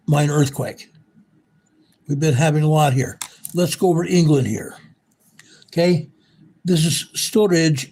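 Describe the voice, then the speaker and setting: Guy going over a map for his news channel, warm low-key tone, keeps saying okay and right here. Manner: repetitive, pointing things out on a map. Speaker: news show host.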